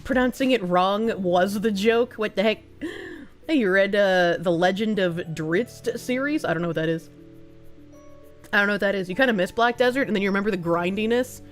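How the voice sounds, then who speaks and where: A woman streamer chatting casually with her viewers, thanking donors and swearing freely between quick laughs. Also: mid-range voice, soft background music. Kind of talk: casual livestream chat, reading donations.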